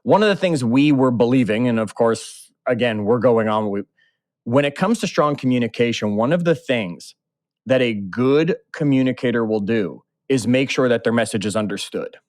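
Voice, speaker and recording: A male podcast host with an average-pitched voice, recorded close and dry with no room sound. He is eager and talks straight to the audience, summing up what his guest says. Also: animated, normal speed, darkish tone, dry recording. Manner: enthusiastic, talks straight to listeners. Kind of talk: conversational interview.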